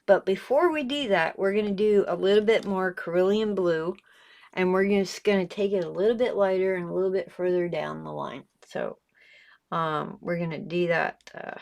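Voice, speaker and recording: A woman's voice: lowish voice, normal speed, gravelly, darkish tone. A woman with a slight lisp hosting a casual painting tutorial, chatty and encouraging, laughing often and swearing freely. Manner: chatty, giggly, salty, encouraging. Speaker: art channel host.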